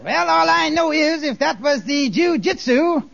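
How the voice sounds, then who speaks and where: A man playing a gossipy church brother on the witness stand, with a high, creaky voice and a folksy, rambling way of testifying, in 1940s radio comedy style. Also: expressive, unhurried, a bit bright, heavily acted. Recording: muffled old radio broadcast.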